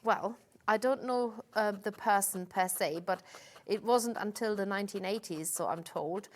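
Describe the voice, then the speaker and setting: In a TV studio, a woman with a medium-pitched voice demonstrates a craft on a live shopping-channel show at a normal speed. She patiently walks through each step, often saying "um" and restarting.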